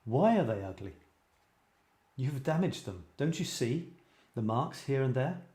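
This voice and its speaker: A man's voice: mid-range voice, sing-song, measured pace, warm tone. A man reading aloud a sneering, nagging negative inner voice that scoffs and finds fault, in a roomy-sounding recording. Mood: scornful. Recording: roomy echo.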